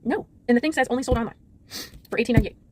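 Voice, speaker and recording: A middle-aged woman vlogger telling a story in a rapid, exasperated rant, frazzled and trying to hold it together. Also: fairly high pitch, a little hiss or hum.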